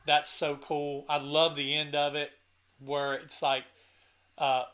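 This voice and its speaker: Man, channel host, bright tense voice, slightly high, earnest, emotional, rambling. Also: flat delivery, slow pace. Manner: emotional, choked up at moments, rambling with restarts; enthusiastic and earnest. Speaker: channel host reviewing an album. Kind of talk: casual talk to camera.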